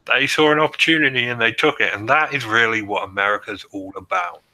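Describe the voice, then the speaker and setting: A man's voice: mid-range voice, lively intonation, fast, sharp tone, rough recording. A man co-hosting a podcast, reading out history notes and joking between the facts. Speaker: podcast co-host presenting research. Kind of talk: casual chat reading notes.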